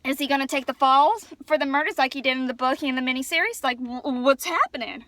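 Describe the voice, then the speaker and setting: Woman vlogging on her phone, high voice, rambly and excitable, dry close sound. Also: quick pace, no room sound. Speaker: vlogger reviewing a film. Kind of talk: casual chat. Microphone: phone camera.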